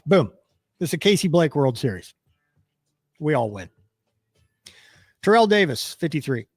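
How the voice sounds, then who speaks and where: Lively man hosting sports radio. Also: a little high, no room sound. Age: 50s. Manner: lively, joking, quick to laugh. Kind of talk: casual sports radio banter. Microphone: studio mic.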